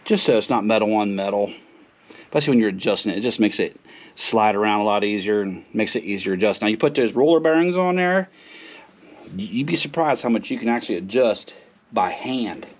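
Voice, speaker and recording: A man's voice: on the low side, animated, fairly quick. A man casually explaining a car repair as he works in his garage, folksy and rambling with lots of fillers, moving near and away from the camera mic. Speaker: car mechanic vlogger. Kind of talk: casual how-to narration while working. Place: home garage, working on a car.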